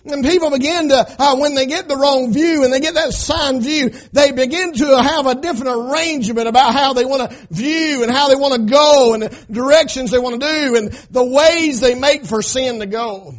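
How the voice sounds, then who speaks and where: High-voiced preaching pastor. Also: male voice, moderate pace, hardly any pauses. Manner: preacher cadence, frequent "amen?" call-outs; rising to shouting at climaxes. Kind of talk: sermon.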